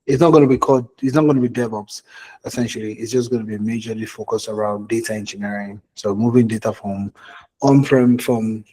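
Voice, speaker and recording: A career coach with a Nigerian accent leads a live online coaching session for job seekers, speaking in a mellow, mid-range voice. His style is conversational; he repeats his points and keeps checking in with "okay?"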